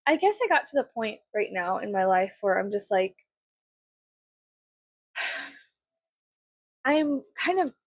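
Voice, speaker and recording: A woman's voice: on the high side, dry recording. A young woman from South Texas chatting casually to camera, rambling with lots of "like" and swearing freely. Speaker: vlogger.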